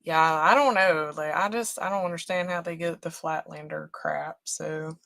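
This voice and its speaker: A woman's voice: low voice, fairly even intonation, normal speed, fairly bright tone, dry recording. A woman from West Virginia with an Appalachian accent, a craft host chatting casually and folksily while she works, laughing often.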